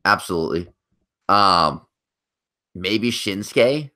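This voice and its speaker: Bright-voiced man swapping wrestling rumors. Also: sits low, expressive, takes it slowly. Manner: profane, rumor-sharing banter. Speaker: podcast co-host. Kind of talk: casual chat.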